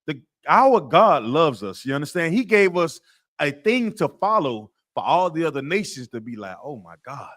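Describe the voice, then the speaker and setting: A man's voice: fairly high pitch, sing-song, moderate pace, a bit bright. A man leading a scripture class, quizzing his students with call-and-response questions and repeating himself to press a point. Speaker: class teacher.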